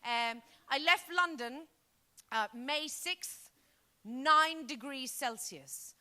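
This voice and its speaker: Bright high-voiced Greek woman comic. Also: extremely slow. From Greece. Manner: animated, switches into shouted character voices. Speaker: stand-up comedian. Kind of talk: stand-up comedy set.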